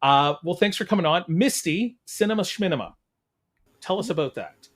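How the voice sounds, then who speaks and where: A man's voice: sits high, lively intonation, normal speed. A man hosting a podcast in a loose, joking chat with plenty of fillers. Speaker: podcast host. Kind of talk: casual chat.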